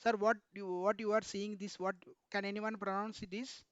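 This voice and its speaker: A man's voice: high-pitched, level tone, moderate pace, fairly bright tone, clear, resonant tone, no room sound, dull audio. A man, teaching an online technical class and repeatedly asking students questions, addressing them as sir. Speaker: instructor.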